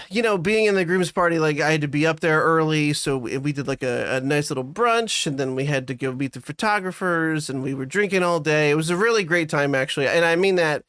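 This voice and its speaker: A man's voice: fairly high pitch, a little fast, hardly any pauses, fairly bright tone, smooth, dry recording, clean studio sound. A man co-hosting a podcast, telling a rambling, self-deprecating story in casual chat with frequent restarts. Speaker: podcast co-host.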